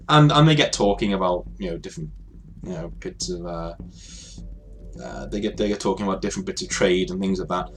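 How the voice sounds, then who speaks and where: A man narrating as game master of a tabletop game, relaxed and full of pauses. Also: sits low, faint music behind. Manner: relaxed, hesitant with many fillers.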